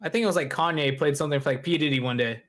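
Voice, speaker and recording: A man's voice: on the high side, fairly bright tone. A man co-hosting a casual podcast, telling anecdotes and joking around in a laid-back way. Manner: laid-back, jokey, quick reactions. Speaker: podcast co-host. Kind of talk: casual chat.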